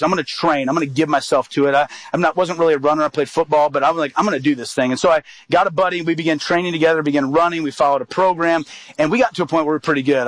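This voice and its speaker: A man's voice: a little high, dry recording, poor audio. A man telling a personal story in a sermon, acting out what people said. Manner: lively storytelling with acted-out quotes.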